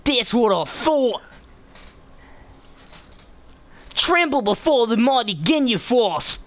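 A man's voice: very high voice, sing-song, measured pace, a bit bright, full character voice. A young man voicing a boastful male alien elite squad leader, pompous and theatrical, in a game lobby. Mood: gloating.

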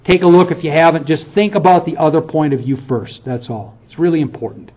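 A man's voice: on the high side, brisk, a little mellow, muffled recording. A middle-aged man, a university professor, giving a heartfelt farewell lecture in a conversational, earnest way, often checking in with "okay?". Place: lecture hall.

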